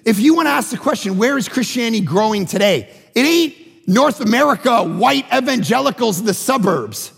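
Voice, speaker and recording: A male pastor preaching a sermon in a church, energetic and joking, swinging between loud emphatic lines and quiet ones. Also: extremely high pitch, moderate pace, vocal fry, husky, in a large hall.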